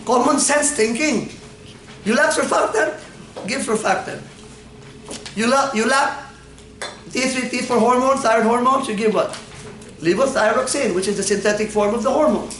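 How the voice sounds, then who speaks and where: Male anatomy lecturer, high voice, playful and quizzing, echoey classroom, mic across the room. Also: moderate pace, long pauses, a bit bright, recorded from a distance. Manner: playful, quizzing students, frequent laughs.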